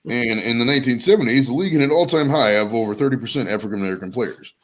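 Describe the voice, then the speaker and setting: A man's voice: mid-range voice, very fast, a bit bright, rough recording. A man hosting a podcast in casual chat, riffing in a jokey, profane way. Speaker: podcast host.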